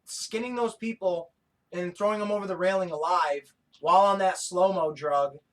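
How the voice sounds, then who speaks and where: A man co-hosting a podcast in casual chat, excitable and profane, often breaking into laughter. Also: high-pitched, moderate pace. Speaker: podcast co-host.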